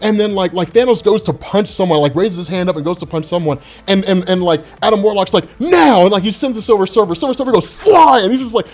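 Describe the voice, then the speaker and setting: A man hosting a comic book channel, talking in excited, rambling casual commentary. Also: high-pitched, fast, hardly any pauses. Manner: hyped, rambling, full of "man" and "dude".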